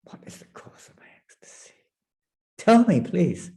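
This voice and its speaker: A man voicing a stern, ecstatic male god in a low, hushed, grave manner that sinks to a whisper. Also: big pitch swings, measured pace, creaky, exaggerated voice.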